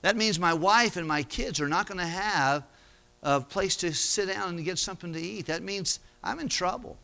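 A man's voice: high-pitched, normal speed, vocal fry, bright, forceful tone, exaggerated voice. A man voicing an anxious middle-aged steward who mutters worriedly about losing his job.

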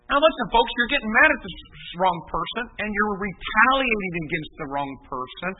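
A male preacher giving an emphatic, repetitive sermon that rises to shouts. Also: high voice, animated, fairly quick, hardly any pauses. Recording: tinny distant phone-like recording.

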